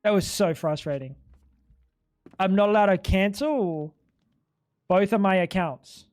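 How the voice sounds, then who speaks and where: A man's voice: sits high, unhurried, a little mellow. A man streaming live, chatting casually in a ranting, exasperated way full of swearing.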